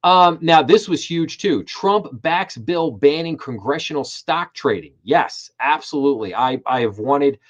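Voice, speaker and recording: A man's voice: fairly high pitch, expressive, a little slow, hardly any pauses, muffled recording. A middle-aged man hosting a live finance commentary stream, emphatic and repeating his words when he gets worked up. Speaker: host.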